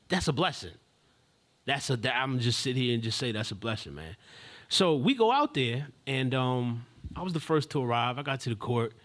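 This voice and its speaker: A man's voice: medium pitch, fairly bright tone. Slangy, rambling male storyteller. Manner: rambling, slangy, many restarts and asides. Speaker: live stream host. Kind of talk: casual storytelling.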